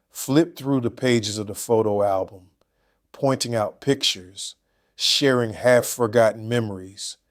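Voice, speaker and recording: Older male narrator, lowish pitch, reading a first-person story with calm, cold deliberation.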